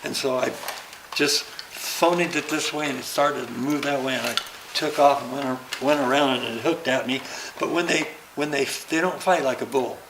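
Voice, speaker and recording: An older man guesting in an interview tells anecdotes in casual chat, a lively storyteller who acts out the dialogue he quotes. His mid-range voice moves at normal speed, with roomy echo and faint background noise around it.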